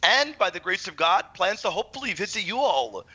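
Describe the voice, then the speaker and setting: A man's voice: high-pitched, big pitch swings, fairly quick, sharp tone, slightly rough, muffled recording. A man guesting on a radio show, explaining his faith confidently and energetically. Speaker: guest apologist. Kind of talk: explaining and debating.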